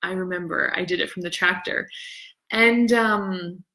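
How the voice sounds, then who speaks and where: A middle-aged woman from Canada chatting casually on a livestream, rambling and excitable as she greets viewers. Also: on the low side, a little slow. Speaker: livestream host. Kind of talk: casual live chat.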